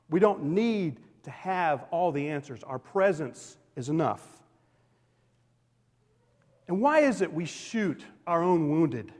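A male pastor preaching a sermon in a church, emphatic and swinging between loud declarations and hushed, quiet lines. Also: high-pitched, lively intonation, normal speed. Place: church sanctuary. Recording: long hall reverb.

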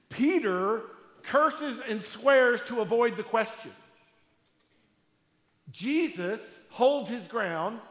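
A man preaching a sermon in a conversational storytelling way, with emphatic pauses, in a large hall. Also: sits high, a bit bright. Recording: echoey hall with long reverb.

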